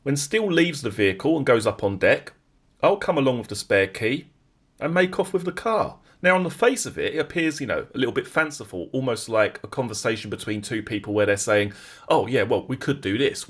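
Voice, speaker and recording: A man's voice: medium pitch, husky. A man hosting a true-crime channel, breaking down a clip and speaking directly to viewers. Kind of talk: explanatory commentary.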